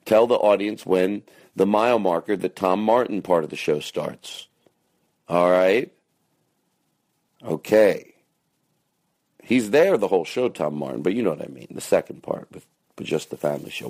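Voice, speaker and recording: A man's voice: low voice, darkish tone. A man hosting a podcast, giving a silly, rambling intro spoken into his phone. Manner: playful, silly, rambling asides. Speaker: podcast host. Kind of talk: casual comic intro. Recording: phone-recorded, dry.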